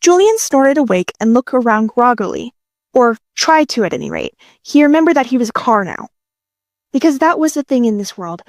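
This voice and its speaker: High-voiced woman reading fanfiction aloud. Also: sing-song, moderate pace, no echo. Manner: casual, profane, playful delivery. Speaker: audiobook narrator. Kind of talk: casual fanfiction audiobook reading.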